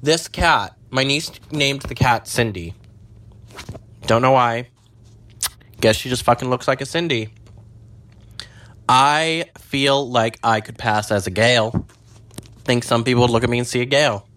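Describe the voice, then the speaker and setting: A young man rambling and swearing in a casual monologue from his parked car, jumping between low mutters and high squeals. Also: steady tone, a little slow, pauses often, fairly bright tone. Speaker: vlogger.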